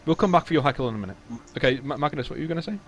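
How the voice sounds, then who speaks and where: A man's voice: fairly high pitch, animated, very fast. A man running a tabletop role-playing game as game master, narrating playfully with stammering restarts.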